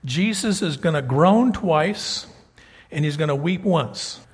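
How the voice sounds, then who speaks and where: A man preaching a sermon and reading scripture aloud, conversational and emphatic, swinging between loud and soft. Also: on the high side, lively intonation, takes it slowly, breathy edge.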